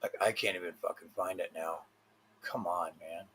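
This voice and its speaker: A man's voice: sits low, fairly even intonation, normal speed, a bit bright, slight background noise. A man hosting a livestream, ranting with constant swearing and frustrated rambling. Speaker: livestream host.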